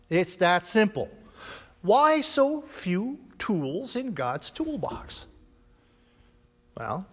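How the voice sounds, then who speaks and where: A middle-aged man preaches in a slow, measured way, his pitch leaping high and low for emphasis. His voice sits a little above the usual male range. A long church reverb trails after each phrase. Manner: emphatic, with dramatic pauses and swings in loudness. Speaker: pastor. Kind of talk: sermon. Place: church sanctuary.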